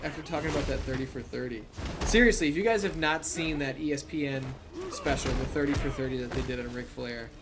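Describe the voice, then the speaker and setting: A man's voice: medium pitch, fast. Tired man rambling over gameplay. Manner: rambling, profane, laughing asides. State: tired, late at night. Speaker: let's play gamer. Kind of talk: casual gameplay commentary.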